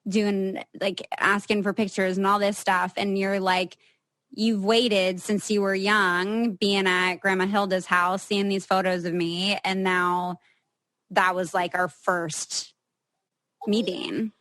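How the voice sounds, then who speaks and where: A woman's voice: medium pitch, little pitch movement, slow, a bit bright, no echo, clean studio sound. A young woman hosting a podcast, chatting and asking her sibling questions. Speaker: podcast host. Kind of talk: casual chat.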